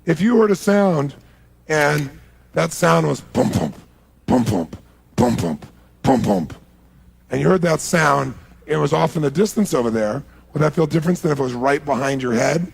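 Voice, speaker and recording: Gravelly man coaching a live audience. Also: a little high, moderate pace, no echo. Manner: animated, coaxing audience through exercises. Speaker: motivational speaker. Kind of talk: live seminar talk. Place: large hall with a live audience.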